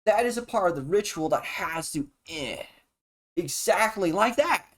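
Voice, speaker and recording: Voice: medium pitch, animated, measured pace, a bit bright. A streamer talking alone in a rambling, erratic and profane monologue, jumping from topic to topic. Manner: erratic, profane and jumpy, with sudden laughs and exclamations.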